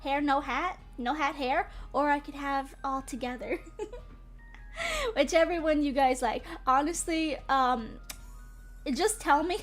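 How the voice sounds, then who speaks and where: A woman's voice: sits high, lively intonation, slow, faint music behind. A young woman from North Carolina, a streamer chatting casually to her viewers in a bubbly, rambling way and often breaking into giggles.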